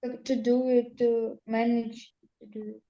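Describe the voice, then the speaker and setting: A woman student reads her English exercise sentences aloud. Her voice sits a little high and sounds mellow. The audio is somewhat dull, as over a video call. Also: little pitch movement, measured pace.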